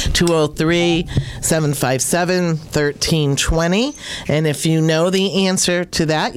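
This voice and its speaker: A woman hosts a morning radio show in a studio, and her cold has left her hoarse and deep-voiced. She talks in a chatty, meandering way, full of "uh"s and asides. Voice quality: deep throaty voice. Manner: chatty, rambling, with fillers. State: hoarse, under the weather.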